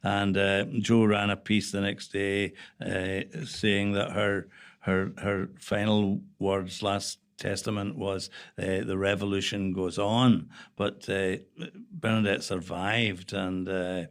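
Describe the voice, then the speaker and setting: A Northern Irish man with a fairly low voice recalls old stories as a guest in an interview. He pauses often and restarts his sentences, taking his time. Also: little pitch movement, clear, resonant tone. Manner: reflective storytelling with frequent hesitations. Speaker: veteran journalist guest. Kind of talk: conversational interview.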